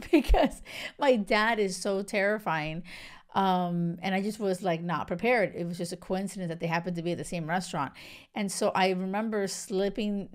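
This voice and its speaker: A woman in her thirties hosts a podcast, talking through relationship advice in a loose, chatty way. Her voice is smooth and clear at a middle pitch. She peppers her talk with "like" and "right?", and she often drops into little acted-out quotes. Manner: chatty, animated, fillers like "like" and "right?". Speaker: podcast host. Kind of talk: casual advice monologue.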